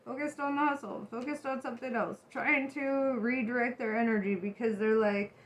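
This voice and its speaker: A woman giving a casual tarot reading to her viewers, chatty and animated, who laughs often and swears freely. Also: high-pitched, normal speed, hardly any pauses. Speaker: tarot reader.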